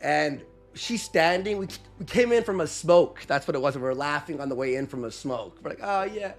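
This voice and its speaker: A man casually telling a story on a live stream, animated, acting out what people said with shifting voice and volume. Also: on the high side, moderate pace, faint music behind.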